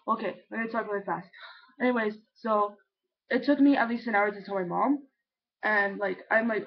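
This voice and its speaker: A man's voice: high-pitched, steady tone, a little fast, highs cut off. Rambling young trans man on webcam. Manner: rambling, heavy use of "like", casual swearing. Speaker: vlogger. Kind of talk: casual confessional storytelling.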